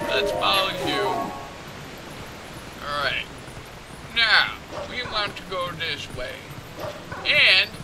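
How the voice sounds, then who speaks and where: A man hosting a let's play with goofy, crude, excitable commentary. His high voice swings about a lot while he talks at an unhurried pace. Game music plays loudly behind him.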